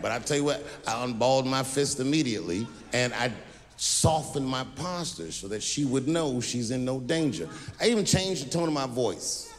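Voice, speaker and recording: Male stand-up comedian, lively pitch, acted-out voices, long hall reverb, audience noise. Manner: animated storytelling, acts out voices.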